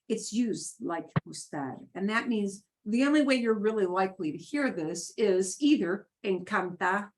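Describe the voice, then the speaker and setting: A woman teaching a beginners' Spanish class, explaining grammar patiently with lively rises and falls in her voice. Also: mid-range voice.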